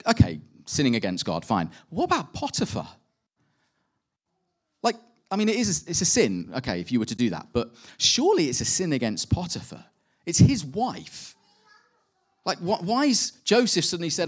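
Guy preaching, chatty sermon, gets animated with rhetorical questions. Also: mid-range voice, moderate pace. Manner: conversational, with animated rhetorical asides.

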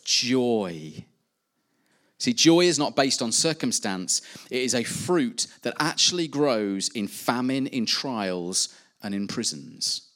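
A man's voice: mid-range voice, a bit bright. A man preaching a sermon, earnestly rising and dropping in emphasis. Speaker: pastor.

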